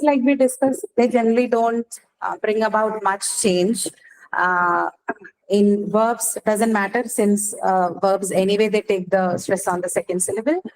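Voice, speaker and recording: A woman's voice: medium pitch, a little mellow, rough recording. A woman teaching an English class, explaining step by step and often checking that the student follows. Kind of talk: online class lecture.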